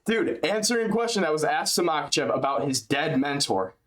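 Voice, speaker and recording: A man's voice: fairly high pitch, animated, brisk. A young man hosting a reaction video, rambling in an exasperated, slangy, profane way. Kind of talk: casual reaction commentary.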